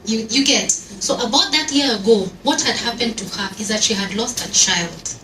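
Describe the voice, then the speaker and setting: Woman panelist, animated storyteller, roomy and noisy distant recording. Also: a little high, normal speed. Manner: animated, storytelling, code-switches into Swahili. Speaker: event panel speaker. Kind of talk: lively panel talk with audience interaction. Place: event hall with audience. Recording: echoey room from far off, noisy.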